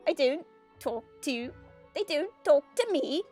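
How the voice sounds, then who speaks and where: A woman voicing a nervous male market trader in a deliberately bad mock Swedish accent, pleading and flustered. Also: sits high, expressive, darkish tone, faint music behind, voice pushed up. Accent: mock Swedish accent, done badly.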